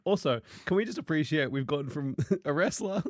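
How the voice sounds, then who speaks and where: A young man co-hosting a podcast, excitable and laughing, tripping over his words. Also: a little high, moderate pace, no room sound, clean studio sound. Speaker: podcast co-host. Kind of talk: casual podcast banter.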